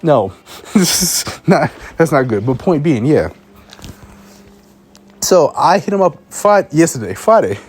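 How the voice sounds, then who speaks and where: A man's voice: fairly high pitch, big pitch swings, unhurried, pauses often, slightly rough, faint music behind. A young man, a student filmmaker, telling a rambling, exasperated story in a casual vlog, often stumbling over and repeating his words. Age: young adult.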